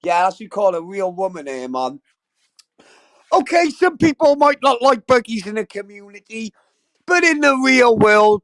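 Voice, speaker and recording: Lively high-voiced sweary man. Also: moderate pace. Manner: sweary, effusive, rambling, addresses chat directly. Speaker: livestream host. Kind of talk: casual livestream chat.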